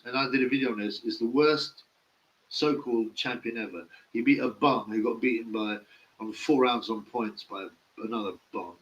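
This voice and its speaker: A man's voice: medium pitch, moderate pace, dull audio. A man giving casual live-stream boxing commentary, blunt, mocking and opinionated.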